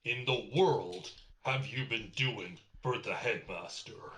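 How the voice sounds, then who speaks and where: Slow, deliberate male tabletop player. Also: fairly low pitch, pushed and bright, reverberant. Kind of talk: in-character tabletop play.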